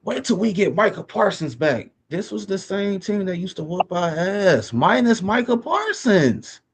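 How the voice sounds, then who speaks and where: A man's voice: high-pitched, big pitch swings, measured pace, a little hiss or hum. A man co-hosting a sports podcast, ranting with profanity and repeating himself for emphasis. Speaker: podcast co-host. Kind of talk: heated sports talk.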